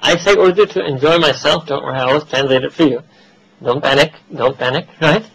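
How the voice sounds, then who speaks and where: Male lecturer, American accent, husky and slightly high, casual teaching tone with Urdu asides. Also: brisk, fairly bright tone, low-quality recording. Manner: conversational, switches into Urdu, laughs at own asides. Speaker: Islamic teacher. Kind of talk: religious lecture to a gathering.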